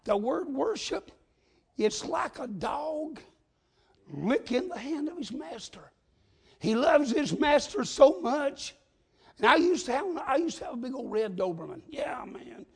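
A man preaching a sermon, telling folksy stories and rising into shouts. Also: extremely high pitch, expressive, measured pace, creaky.

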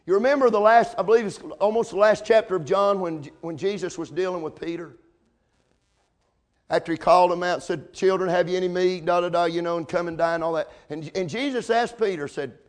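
A man preaching a sermon in a fervent way, quoting old-style scripture phrasing and building to loud, emphatic peaks. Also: sits high, brisk.

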